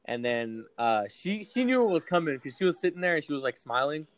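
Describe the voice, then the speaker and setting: A man's voice: fairly high pitch, sing-song, fairly quick. Profane rambling young man telling stories. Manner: rambling, profane, many fillers. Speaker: podcast co-host telling a story. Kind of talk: casual storytelling among friends.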